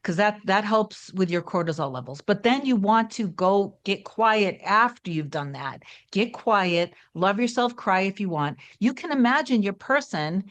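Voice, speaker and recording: A woman talks viewers through a coaching session in a relaxed, conversational way. She sounds reassuring and chatty, with plenty of asides and gentle encouragement. Her voice sits at an ordinary middle pitch for a woman. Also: measured pace, hardly any pauses. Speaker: manifestation coach. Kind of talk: casual coaching monologue to camera.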